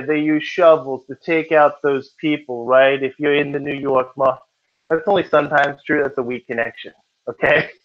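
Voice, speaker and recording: A man teaches a test prep class in a casual lecture style and keeps checking that students follow. His voice sits at a middling pitch. The recording sounds dull and lo-fi.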